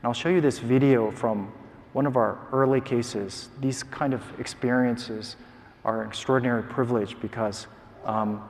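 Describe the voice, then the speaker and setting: A man giving an academic lecture as a neuroscientist, measured and explanatory with frequent ums and uhs. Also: mid-range voice, steady tone, darkish tone, a little hiss or hum. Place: large conference hall. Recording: long hall reverb.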